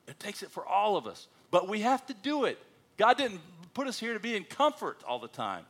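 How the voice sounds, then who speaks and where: A man's voice: sits high, brisk. A man, a missionary pastor telling folksy, humorous stories in a sermon at church. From United States. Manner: animated, folksy storytelling with self-deprecating humor.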